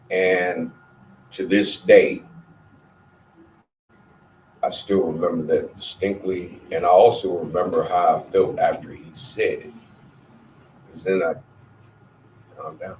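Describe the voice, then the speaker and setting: Slow, very deep-voiced man. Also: steady tone, a little mellow, distant mic. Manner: measured, reflective. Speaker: participant. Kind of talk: personal storytelling in a group. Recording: roomy, off-mic, faint background noise.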